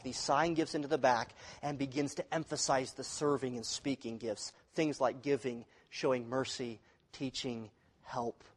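A pastor giving a sermon in a conversational way, asking the congregation questions. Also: male voice, a little high, in a large hall.

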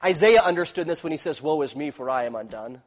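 Pastor, male, high voice, preaching with hushed lows and loud emphatic rises, long church-hall reverb. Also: lively intonation, quick pace. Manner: swings between hushed low phrases and loud emphatic rises. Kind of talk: sermon.

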